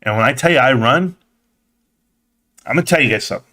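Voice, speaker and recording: Casual excitable man hosting a live stream. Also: medium pitch, fast talker. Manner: excitable, swears casually, acts out quoted voices.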